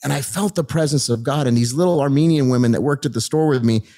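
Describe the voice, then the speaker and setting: A middle-aged man telling his life story as a guest in an animated, excited way, acting out the people he met. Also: medium pitch, quick pace.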